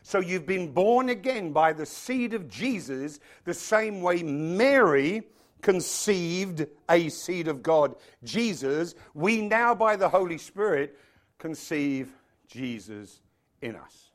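Fervent preacher man, fairly high voice. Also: expressive, slow pace. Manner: fervent, rising to emphatic peaks, rhetorical questions to the congregation. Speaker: pastor. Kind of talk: sermon. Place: church.

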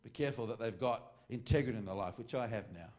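A middle-aged man with an Australian accent, teaching a class in a loose, informal sermon. He drifts into joking asides and restarts his sentences, and his pitch sits at an ordinary middle level for a man. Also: fast talker, darkish tone. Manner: rambling and joking, with frequent asides and self-corrections. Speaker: preacher teaching a ministry class.

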